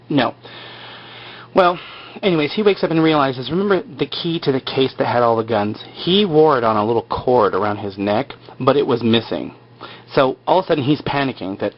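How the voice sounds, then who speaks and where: A man chats casually through an episode recap, rambling and cracking jokes. His voice sits at a middling pitch. The recording sounds dull and lo-fi. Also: moderate pace, pauses often. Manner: joking, rambling, full of fillers. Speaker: podcast host.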